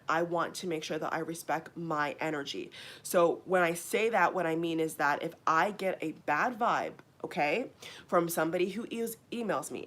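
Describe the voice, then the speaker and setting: A woman talking to her channel as a psychic reader, laying out her boundaries frankly and emphatically, often checking in with "okay?" and pausing on "um" and "you know.". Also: deep voice, a bit bright. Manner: thinks aloud with frequent "um" and "you know". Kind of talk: talking to camera about her services.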